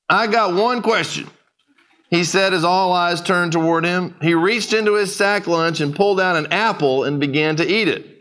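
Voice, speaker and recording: A man's voice: high voice, a bit bright. Folksy, conversational male pastor. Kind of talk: sermon storytelling.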